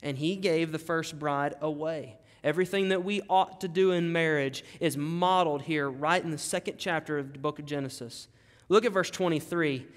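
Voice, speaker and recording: A man's voice: a little high, normal speed. A male pastor preaching a sermon, emphatic and dramatic, repeating key phrases. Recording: long hall reverb.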